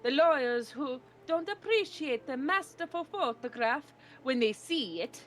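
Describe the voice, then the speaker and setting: A woman voicing a vain, touchy male photographer from a game with a put-on Italian accent and a lively, indignant delivery. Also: high voice, a little slow. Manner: indignant and boastful. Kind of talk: reading a game aloud on stream.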